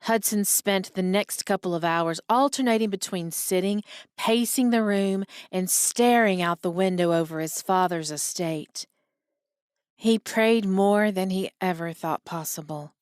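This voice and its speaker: A woman's voice: mid-range voice, measured pace, darkish tone, clear, resonant tone, dry recording. Woman narrating an audiobook, dry and close. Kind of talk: scripted narration.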